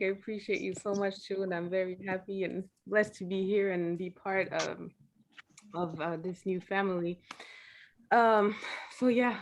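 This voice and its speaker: A woman working as an NLP coach, speaking to a group on a video call and leading a slow, soothing breathing exercise. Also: medium pitch, a little hiss or hum. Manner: soft, slow and soothing when guiding the breathing. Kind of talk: guided breathing exercise and seminar talk. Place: home, late at night.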